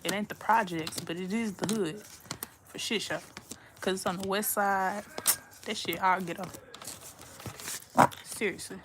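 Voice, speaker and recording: A woman's voice: medium pitch, steady tone, a little slow, long pauses, heavy background noise. Slangy young woman ranting. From Texas. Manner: blunt, slangy, profane, rambling. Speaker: vlogger. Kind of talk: casual chat to camera. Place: her room at home.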